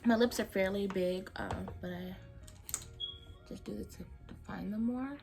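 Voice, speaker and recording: A woman's voice: medium pitch, creaky, music in the background. A young woman vlogger chatting casually while doing her makeup, telling a story with lots of laughter and cursing. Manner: animated, laughing, profane, drawn-out storytelling. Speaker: beauty vlogger.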